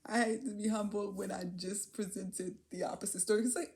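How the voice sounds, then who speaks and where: A woman vlogging, talking through a personal experience in a candid, musing way, often trailing off with fillers and soft laughs. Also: medium pitch, moderate pace. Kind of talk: reflective personal vlog.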